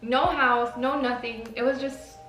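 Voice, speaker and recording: Bright, chatty woman telling a story. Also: sits high, fairly even intonation, measured pace, distant mic, slight background noise. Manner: chatty, filler-heavy, frank with mild swearing. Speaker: vlogger. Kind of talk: casual storytime. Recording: echoey room, away from the mic, faint music.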